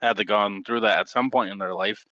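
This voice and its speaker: Blunt, swearing man, bright and dull-toned. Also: on the low side, fairly even intonation, a little fast, dry recording. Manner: blunt, profane ranting. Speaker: co-host. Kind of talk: casual podcast chat.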